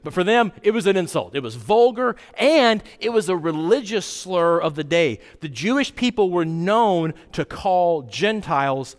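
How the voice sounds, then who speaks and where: A man preaching a sermon as pastor, conversational and animated, with sudden jumps in pitch. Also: normal speed, few pauses. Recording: long hall reverb.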